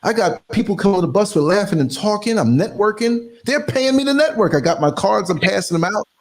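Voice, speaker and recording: Animated middle-aged male podcast host. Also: high voice, brisk. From New York City. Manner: animated storyteller, acts out quoted voices. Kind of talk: casual conversation.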